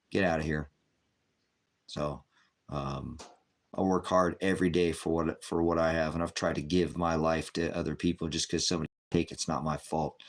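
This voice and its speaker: A man in his fifties hosting a live chat, bluntly firing back at trolls with repeated retorts. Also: extremely low pitch. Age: 50s. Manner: combative, answering trolls in chat. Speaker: livestream host.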